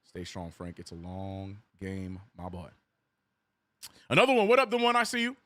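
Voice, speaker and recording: Animated male sports streamer, lively voice. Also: sits low, normal speed, dry recording. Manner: animated, joking, reads chat messages aloud; frustrated fan venting and cursing. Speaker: sports watch-along streamer. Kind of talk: live play-by-play watch-along with chat.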